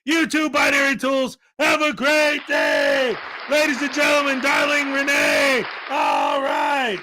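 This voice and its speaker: A man hosting a casual livestream chat, talking in a loud, playful, jokey way and often shouting. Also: extremely high pitch, huge pitch swings, takes it slowly, crowd noise, background noise. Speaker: show host.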